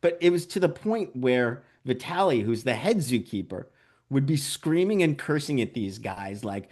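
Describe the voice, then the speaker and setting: A man's voice: medium pitch, moderate pace. A man, a documentary director, being interviewed and telling stories animatedly, full of "like" and "you know". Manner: animated storyteller, acts out quotes; frequent "like" and "you know" fillers. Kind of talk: interview conversation.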